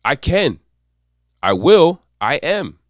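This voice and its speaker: Male accountability coach, motivational monologue, swooping lively delivery, dry close sound. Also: a little high, takes it slowly, no echo. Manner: repetitive, emphatic mantras.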